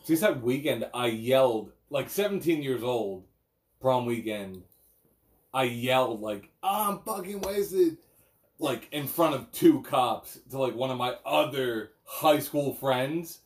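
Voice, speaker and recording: A man's voice: mid-range voice, unhurried. A man telling a self-mocking story in casual chat, swearing freely.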